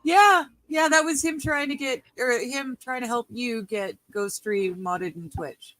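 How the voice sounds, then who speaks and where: A woman's voice: on the high side, unhurried, a bit bright, no echo, rough recording. A woman on a livestream who mostly answers with short agreeing remarks and brief explanations. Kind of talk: casual livestream chat.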